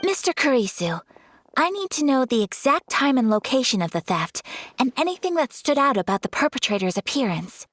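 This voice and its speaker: Formal, courteous game noblewoman, slightly high voice. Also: big pitch swings, a little fast, a little hiss or hum. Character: poised noblewoman, eldest daughter of a clan. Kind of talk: video game voice acting.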